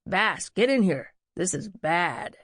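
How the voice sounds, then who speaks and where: A woman voicing a playful young man who teases his friend in quick, jokey lines. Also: on the low side, animated, a bit bright, slightly rough, no echo, studio quality, heavily acted. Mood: teasing. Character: playful young man, teasing, reformed party guy.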